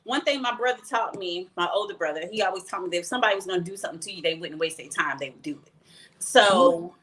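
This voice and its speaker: A woman's voice: lowish voice, fast, fairly bright tone. A woman from Texas, a podcast guest, telling a personal story candidly and plainly, voicing what others said along the way. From Texas, USA.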